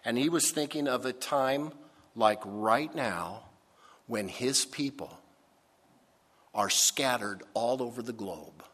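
A man preaching from the pulpit at an unhurried pace, leaning hard on words he wants to land. His middle-pitched voice rings out with the long reverb of a church sanctuary. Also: fairly bright tone. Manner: slow, emphatic preaching with drawn-out key words. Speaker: pastor. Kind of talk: sermon.

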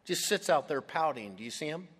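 A man's voice: a little high, animated, a little fast, fairly bright tone, husky. A man preaching a sermon, retelling a story expressively and acting out the voices of its characters. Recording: long hall reverb.

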